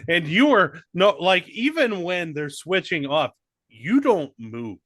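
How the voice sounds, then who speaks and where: Podcast cohost dude, bouncy lively voice, gets worked up and swears a lot. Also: male voice, high-pitched, slow, no room sound, studio quality. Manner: emphatic, excitable, swears freely. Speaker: podcast co-host. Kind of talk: casual chat.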